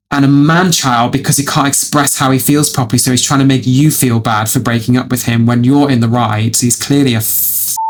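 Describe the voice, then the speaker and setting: A man with a gravelly, creaky voice reacts to online stories as a video host. He is dramatic and swears freely, and he calls the listener darling over and over. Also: medium pitch, background noise.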